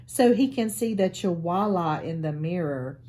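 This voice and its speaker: A woman's voice: fairly low pitch, expressive, moderate pace, mellow. A woman voicing three young girl kittens in a picture book who tattle on their brother. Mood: tattling.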